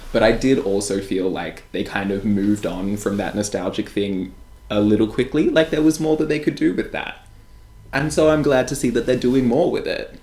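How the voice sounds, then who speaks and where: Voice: low voice, a little mellow. An Australian music video reactor giving casual, rambling commentary full of filler words. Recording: roomy room with faint music.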